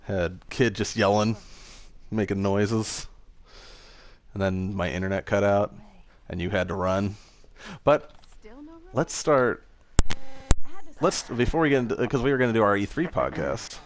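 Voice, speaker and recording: A man's voice: fairly low pitch, expressive, measured pace, long pauses. A young man co-hosting a podcast in casual chat, teasing his friend and laughing often. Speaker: podcast co-host.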